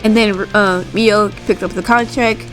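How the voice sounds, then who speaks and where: A woman's voice: medium pitch, fairly even intonation, unhurried, fairly bright tone, faint music behind, low-quality recording. A woman casually recapping a wrestling show, rambling and tagging her sentences with "like" and "right?". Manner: rambling, full of "like" and "right?" tags.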